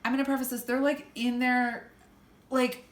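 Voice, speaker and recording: A young woman telling a story in a casual chat, loud and animated, swearing freely and acting out the people she quotes. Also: sits high, moderate pace. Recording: echoey room, faint background hum.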